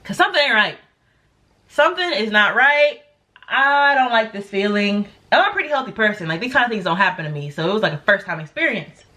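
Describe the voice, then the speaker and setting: A young woman vlogger telling a story casually, acting out quotes with big jumps in her voice. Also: a little fast. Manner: animated, acts out quotes with big pitch jumps.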